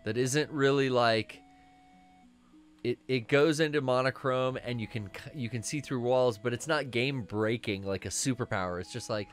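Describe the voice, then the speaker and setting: A man's voice: medium pitch, normal speed, soft background music. A man co-hosting a casual gaming stream, laid-back and swearing often, muttering to himself as he plays. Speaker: stream co-host playing a video game.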